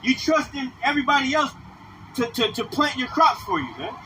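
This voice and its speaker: A man preaching on the street in a very high voice, scolding his listeners in slangy, repetitive bursts. The recording is noisy, with vehicles passing close by outdoors. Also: fairly quick, sharp tone, recorded from a distance. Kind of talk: livestreamed street sermon.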